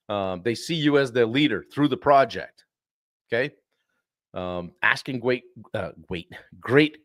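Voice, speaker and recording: A man hosting a live-stream coaching talk, animated and often clearing his throat. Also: mid-range voice, no room sound, clean studio sound. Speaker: sales coach and show host.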